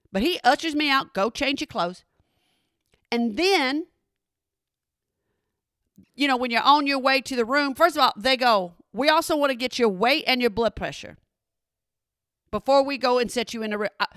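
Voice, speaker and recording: Bright, animated woman telling a story. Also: sits high, normal speed, pauses often, no room sound, clean studio sound. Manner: animated, exasperated, talks straight to listeners. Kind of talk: comedic storytelling monologue.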